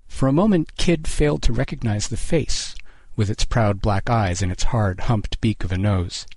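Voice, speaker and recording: A man reading a short story aloud as narrator, in a steady, measured way. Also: fairly low pitch, no echo.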